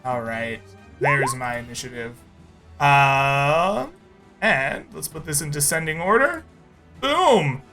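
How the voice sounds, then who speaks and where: A man's voice: on the high side, animated, slow pace, sharp tone. A man running a tabletop game as game master, narrating with an easy, laughing manner. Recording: faint background music.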